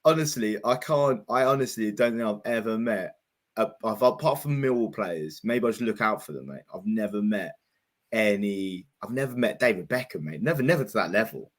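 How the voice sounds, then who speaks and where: Lowish voiced bloke bantering on a football chat, says mate all the time. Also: male voice, animated, normal speed. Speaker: co-host. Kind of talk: casual comedy chat.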